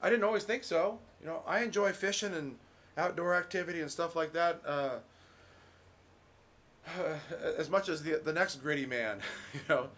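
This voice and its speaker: A middle-aged man preaching a relaxed, conversational sermon as pastor, folksy, full of restarts and "you know.". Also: a little high, moderate pace.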